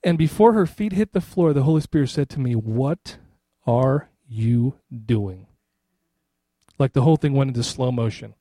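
Middle-aged guy pastor preaching, chatty, keeps checking in with the church, slightly high mellow voice, dry close sound. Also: lively intonation, quick pace, hardly any pauses, dry recording. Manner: conversational, repeats "right?" to the congregation. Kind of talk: sermon.

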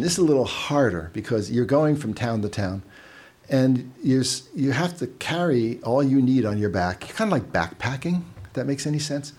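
A man's voice: medium pitch, darkish tone, breathy edge. A man giving a casual, conversational sermon, telling stories with asides and repeating words as he goes. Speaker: preacher.

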